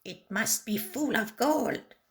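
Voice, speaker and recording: A woman's voice: fairly high pitch, lively intonation, takes it slowly. A woman voicing a bossy male pirate chief in a read-aloud storybook.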